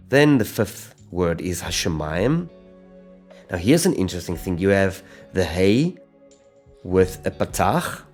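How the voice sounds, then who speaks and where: A man teaching a step-by-step pronunciation lesson, speaking slowly and deliberately and sounding out each letter. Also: low voice, lively intonation, a little mellow, faint music behind. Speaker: Hebrew teacher.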